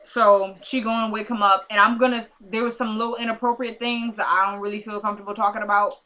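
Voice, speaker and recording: Chatty woman recapping TV, bright voice. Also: mid-range voice, level tone, quick pace. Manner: chatty, sassy asides, retells scenes in quoted dialogue. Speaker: TV episode recapper. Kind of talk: casual episode recap vlog.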